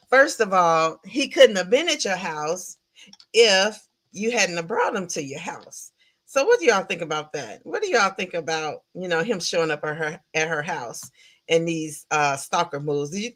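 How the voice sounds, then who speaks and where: Woman host, chatty film recap, animated, laughs often, asks chat questions. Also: mid-range voice. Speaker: podcast host reviewing a film. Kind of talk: casual livestream film recap.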